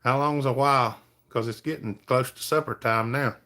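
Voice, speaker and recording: A man's voice: mid-range voice, steady tone, moderate pace, sharp tone. A middle-aged man, hosting a livestream in an easygoing, folksy way and chatting with viewers by name. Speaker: livestream host. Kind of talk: casual chat reading viewer comments.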